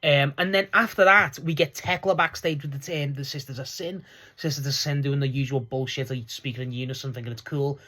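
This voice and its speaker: A young man casually recapping a wrestling show, excitable and rambling, laughing often as he talks. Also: mid-range voice, brisk.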